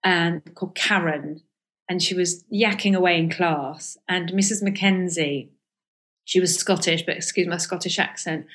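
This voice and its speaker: A middle-aged woman speaks as an interview guest, candid and reflective. She hesitates often and restarts her sentences, filling gaps with soft ums as she thinks aloud. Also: lowish voice, steady tone, normal speed. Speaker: guest, comedian and author. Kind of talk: reflective casual interview talk.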